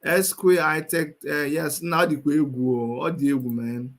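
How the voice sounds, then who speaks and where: Nigerian male host, fiery livestream commentary, high-pitched, repeats lines for force. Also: fairly even intonation, moderate pace. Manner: emphatic, repeats phrases for force.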